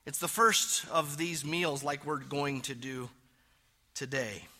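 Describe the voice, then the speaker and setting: Bright-voiced preaching man. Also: takes it slowly. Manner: emphatic preaching, swinging between loud stresses and hushed low phrases. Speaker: pastor. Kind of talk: sermon.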